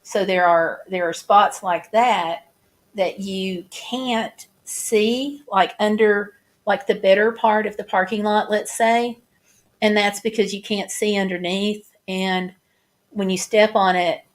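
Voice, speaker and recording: A woman vlogger talking casually, halting and restarting as she describes flood damage. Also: medium pitch, fairly even intonation. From United States. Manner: chatty, halting, many restarts and fillers. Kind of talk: casual chat over photos.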